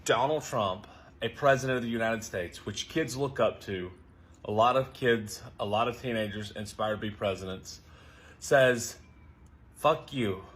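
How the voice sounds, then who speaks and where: A man's voice: on the low side, moderate pace, a bit bright. Indignant man ranting to camera. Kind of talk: casual rant to camera.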